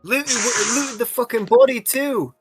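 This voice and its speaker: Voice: mid-range voice, a little slow, soft background music, pitched above the performer's own voice, lightly acted. A game master putting on a cheeky, surly street boy who sells papers, in a clumsy Cockney accent and brash slang. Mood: cocky. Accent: clumsy put-on Cockney. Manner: brash, swaggering "oi bruv" slang.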